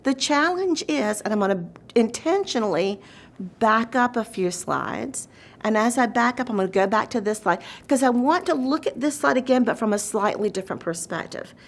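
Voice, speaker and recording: A woman's voice: on the high side, expressive, moderate pace. A woman presenting an educational webinar session on caregiving, speaking earnestly and varying her pace as she explains. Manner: earnest, shifts pace often, acts out quoted voices. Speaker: dementia training presenter.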